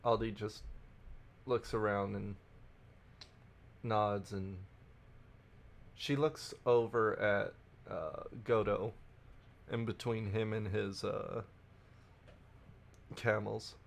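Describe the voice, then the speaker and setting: A man describes his character's moves at a game table, halting and hesitant. He talks slowly. His voice sits at an average male pitch. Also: fairly even intonation, vocal fry. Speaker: player. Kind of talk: casual tabletop narration.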